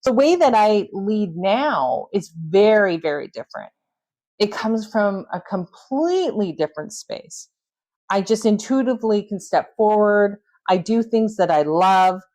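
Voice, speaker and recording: A woman's voice: medium pitch, expressive, measured pace, darkish tone. Woman doing her own podcast, earnest storytelling, mid-range voice. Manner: earnest, storytelling with self-coaching tone. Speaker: podcast host. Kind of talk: reflective solo podcast talk.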